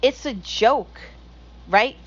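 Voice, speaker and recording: Profane ranting woman, slightly high. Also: drawn-out words, dull audio. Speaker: podcast host. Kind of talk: casual opinion monologue.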